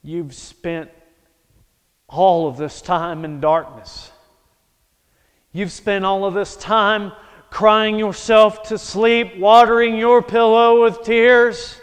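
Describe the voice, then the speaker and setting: A male preacher delivering a sermon as a dramatic story, swinging from hushed to loud. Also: high voice, steady tone, slow, smooth. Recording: echoey hall.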